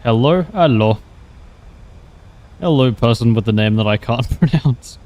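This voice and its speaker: With a middle-pitched, darkish voice, a young livestreamer gives easygoing, wry commentary on the game he's playing, often laughing as he responds to viewer questions. He speaks a little fast, and the recording sounds muffled.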